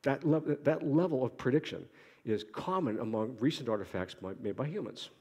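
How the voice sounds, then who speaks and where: Middle-aged guy from boston giving a conference talk, talks fast, trips over himself, dry jokes, big hall echo. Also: mid-range voice, lively intonation, a little mellow, slightly rough, muffled recording. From Boston, United States. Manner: quick-talking with restarts and wry self-addressed asides. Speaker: conference speaker, archaeologist. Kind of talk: academic conference lecture. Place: lecture hall. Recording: long hall reverb.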